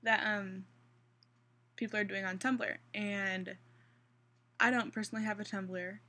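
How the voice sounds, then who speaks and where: A woman's voice: mid-range voice, fairly even intonation, unhurried, pushed and bright. A young woman with a Central Kansas accent chatting casually through an accent challenge, rambling with restarts and fillers. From Kansas, USA. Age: young adult. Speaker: vlogger.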